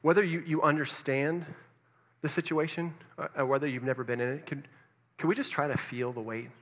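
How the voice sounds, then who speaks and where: A man preaching fast in a high, bright voice. He tells his story straight to the listeners, dropping low and quiet, then building back up. A long reverb hangs on his voice in a large hall. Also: fairly even intonation. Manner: storytelling, addresses listeners directly, swings between loud and hushed. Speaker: pastor. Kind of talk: sermon.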